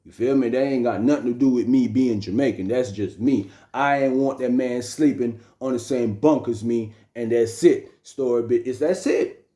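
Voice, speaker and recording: A young man casually telling a story, animated and slangy, often repeating phrases. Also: medium pitch, moderate pace. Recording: roomy echo.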